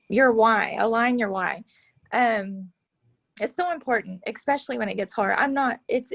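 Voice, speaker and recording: Woman, gravelly fry, dry close sound, rambling coach chat, lots of fillers. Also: mid-range voice, dry recording. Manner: rambling, many fillers and restarts. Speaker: team coach. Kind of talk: casual motivational chat.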